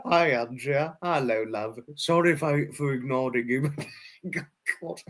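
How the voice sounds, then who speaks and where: A man hosts a relaxed livestream and answers viewer comments in easy, casual chat. His voice is bright and forceful, his delivery unhurried and drawn out. He giggles almost constantly and keeps breaking into laughter between words. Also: medium pitch. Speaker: livestream host.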